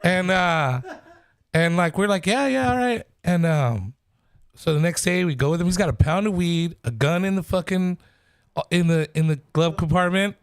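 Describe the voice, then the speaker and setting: High-voiced man telling slangy stories. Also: normal speed, clear, resonant tone, no echo. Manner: slangy, profane, rambling. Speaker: comedian guest. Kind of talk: casual chat with stories. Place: podcast studio.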